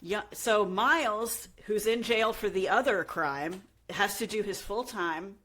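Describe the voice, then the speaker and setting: A woman's voice: mid-range voice, measured pace, a bit bright. A young adult woman co-hosting a podcast, casually retelling a true crime story and acting out the quotes. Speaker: podcast co-host.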